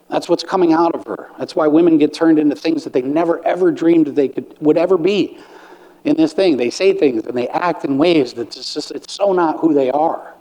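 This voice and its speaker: A man's voice: fairly high pitch, warm tone. A middle-aged man giving a blunt, earnest conference talk on recovery, sometimes acting out what others say. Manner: earnest, blunt, pastoral, acts out quoted lines. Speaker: conference speaker. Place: conference hall. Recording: hall reverb.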